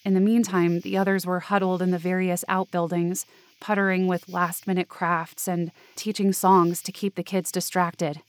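A woman's voice: lowish voice, level tone, normal speed. A woman reading first-person scripted narration for a fiction podcast, in a close, anxious inner-monologue manner.

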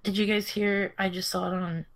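Young woman on a true crime podcast, mid pitch, playful and chatty. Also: normal speed. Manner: animated storyteller, playful. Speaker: podcast co-host.

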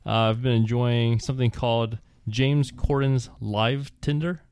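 A man's voice: medium pitch, steady tone, unhurried, darkish tone, smooth, dry recording. A man co-hosting a podcast, easygoing and self-mocking as he runs through his picks. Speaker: podcast co-host. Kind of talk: casual chat.

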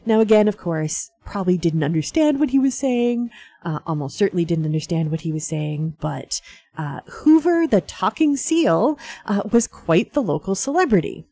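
A woman's voice: medium pitch, expressive, moderate pace, warm tone, no room sound. A woman hosting a radio show, talking casually with many fillers and small laughs. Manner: chatty, frequent fillers and laughs.

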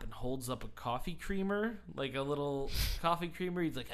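A man's voice: mid-range voice, animated, fairly quick, hardly any pauses, a bit bright. A man on a podcast telling a wrestling story in casual chat, rambling and laughing often. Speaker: podcast host.

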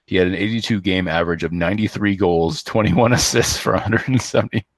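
Low-voiced man, rambling hockey talk. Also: no room sound. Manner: rambling, hesitant, many fillers and restarts; reads stats in a quick, flat run. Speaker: podcast co-host.

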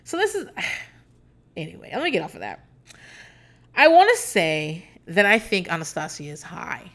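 Bright, animated woman telling stories. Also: moderate pace. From Hampton Roads, Virginia. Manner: animated, laughing, cursing, acts out quotes in high voice. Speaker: podcast host. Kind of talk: casual storytelling chat.

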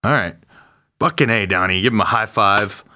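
A man's voice: lowish voice, moderate pace. A man playing in a tabletop game, joking and swearing freely. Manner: animated, profane, joking. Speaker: player.

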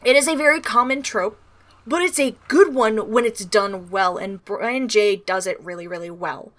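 A woman from the American South, co-hosting a casual book podcast with eager, rapid bursts that trail off quietly. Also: medium pitch. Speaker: podcast co-host.

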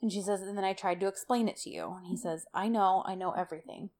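A woman co-hosting a relaxed podcast and chatting through a TV episode scene by scene. She is lively in her retelling and slips into the characters' lines as she quotes them. Her voice sits at an ordinary middle pitch. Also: fast. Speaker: podcast co-host. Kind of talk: casual chat recapping a TV episode.

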